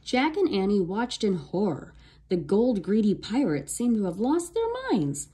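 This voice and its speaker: A woman reading a children's storybook aloud in a slow, expressive way. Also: mid-range voice, breathy edge. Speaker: storybook reader. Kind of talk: read-aloud storybook narration.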